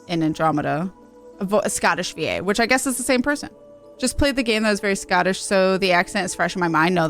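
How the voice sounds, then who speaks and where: Lively, rambling woman streamer. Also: mid-range voice. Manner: rambling, self-correcting, laughs easily. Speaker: game streamer. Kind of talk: casual gameplay chat.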